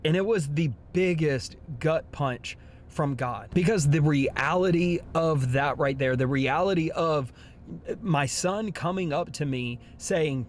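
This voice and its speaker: Speaking a little slowly in a voice on the high side, a young man who is a father and Christian vlogger shares earnest, heartfelt thoughts on faith in his devotional vlog. He restarts his sentences frequently, and there is slight hiss or hum.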